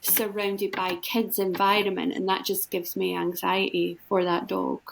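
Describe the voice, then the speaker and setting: Flat-toned woman co-hosting a dog podcast. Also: mid-range voice, unhurried, vocal fry, a little hiss or hum, rough recording. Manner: concerned, brief agreeing replies. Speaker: podcast co-host, dog trainer. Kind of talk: casual chat.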